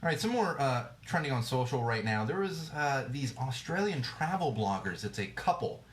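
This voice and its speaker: A man's voice: medium pitch, sing-song, moderate pace. Guy ranting on his podcast, swears a lot, lots of uh and restarts, faint hiss behind him. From United States. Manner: blunt and profane, many fillers and restarts. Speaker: podcast host. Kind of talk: casual solo rant. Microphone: livestream mic.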